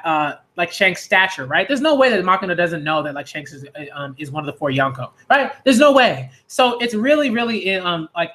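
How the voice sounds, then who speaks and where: A man reading a manga aloud and commenting on it, acting out the characters in quick voices and laughing often. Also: sits high, pushed and bright. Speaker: manga reviewer.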